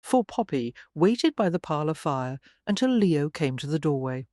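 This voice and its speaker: An audiobook narrator reading a historical romance in an even storytelling delivery. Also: mid-range voice, moderate pace, no echo, clean studio sound. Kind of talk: scripted narration.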